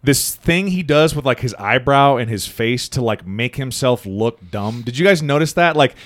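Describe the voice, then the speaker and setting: A man's voice: medium pitch, normal speed, no echo. A man co-hosting a casual movie podcast, retelling scenes with acted-out quotes, lots of fillers and swearing. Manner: animated, acts out quotes, swears, frequent fillers. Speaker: podcast co-host.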